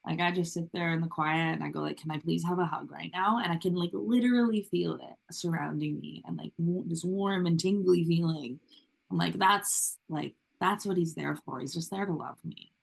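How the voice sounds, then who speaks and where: A woman co-hosting a recovery podcast, talking earnestly and haltingly with many fillers. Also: on the low side, creaky. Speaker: podcast co-host. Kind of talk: casual recovery podcast chat.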